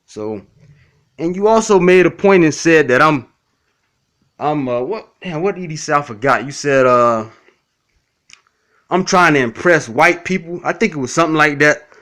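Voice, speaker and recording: Bright-voiced man ranting bluntly. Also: on the high side, lively intonation, moderate pace. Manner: blunt, repetitive, profane, addresses critics directly. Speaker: YouTube commentator. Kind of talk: casual response video.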